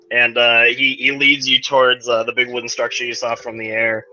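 Bright-voiced male game master. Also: mid-range voice, little pitch movement, normal speed, few pauses. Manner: rambling, many fillers. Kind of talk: narrating a tabletop game. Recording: dull lo-fi recording, faint music.

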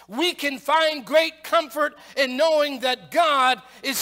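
A male pastor preaching a sermon, emphatic, building to shouts on rhetorical questions. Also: extremely high pitch, takes it slowly, hardly any pauses. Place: church sanctuary. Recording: long church hall reverb.

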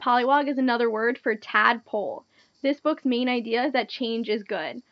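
Lady reading a picture book to kids, high lively voice, kinda dull dry audio. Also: moderate pace, dry recording. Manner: clear, gentle, teacherly to children. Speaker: storytime reader. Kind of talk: children's picture-book read-aloud.

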